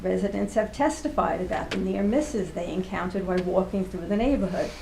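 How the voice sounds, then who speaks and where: A woman's voice: medium pitch, fairly quick, gravelly, a little mellow, reverberant, slight background noise, low-quality recording. A woman, a local resident, reading an earnest, emphatic prepared statement at a village board meeting. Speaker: resident speaking at public comment.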